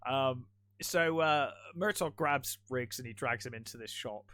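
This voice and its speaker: Man, podcast co-host, mid-pitched voice, chatty film recap with casual swearing. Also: a little slow, fairly bright tone. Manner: retells scenes with acted-out quotes.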